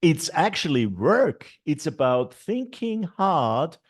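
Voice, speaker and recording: Middle-aged male teacher trainer, unhurried and explanatory, with a lively, rising and falling pitch. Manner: explains classroom steps slowly, with many fillers and repeated et ceteras. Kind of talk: online teacher training talk.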